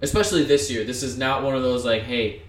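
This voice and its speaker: A man's voice: mid-range voice, fast talker, slight background noise. Man, casual sports talk, profane, rambling, roomy echo. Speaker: podcast co-host.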